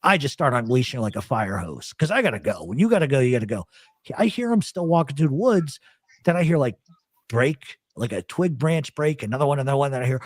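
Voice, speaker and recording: A man's voice: medium pitch, fairly quick, dry recording. Philly guy ranting a crazy story, swears nonstop, dry close sound. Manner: animated, swears a lot. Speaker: radio show host. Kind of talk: profane casual storytelling.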